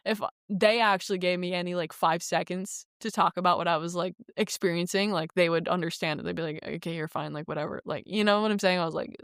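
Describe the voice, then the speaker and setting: A woman's voice: lowish voice, fast talker, hardly any pauses, clean tone, no room sound, clean studio sound. A young woman vlogger telling a story in casual, rambling talk, full of "like" and swearing, acting out the quotes. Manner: rambling, heavy use of "like", frequent swearing; animated retelling with acted quotes.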